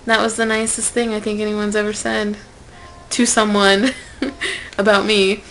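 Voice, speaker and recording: A young woman telling a personal story to camera in a casual vlog, swinging from loud outbursts to whispered asides. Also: mid-range voice, little pitch movement, normal speed, a little hiss or hum, rough recording. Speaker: vlogger.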